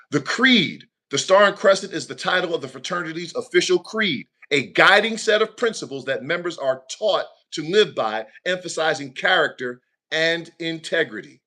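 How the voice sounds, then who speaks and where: A man with a bright, somewhat high voice tells a story in a preacher's rolling cadence. He is animated and emphatic, a minister speaking on a talk show.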